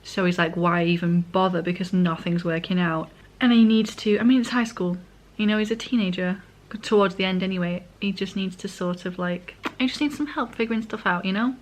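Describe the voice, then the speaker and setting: A woman vlogger casually recaps a manga, rambling and chatting, sometimes correcting herself and eating while she talks. Her voice is medium-pitched and a little fast.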